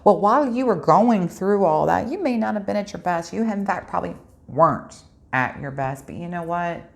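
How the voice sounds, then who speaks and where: A woman's voice: on the low side, lively intonation, normal speed, vocal fry. A woman giving a spiritual tarot reading, talking earnestly and a bit preachily straight to her viewers. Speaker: tarot reader.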